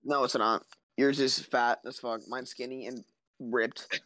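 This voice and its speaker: A man co-hosting a casual podcast while playing a mobile game, loud and excitable, trash-talking his friend. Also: medium pitch, unhurried, no echo. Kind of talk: casual gaming chat.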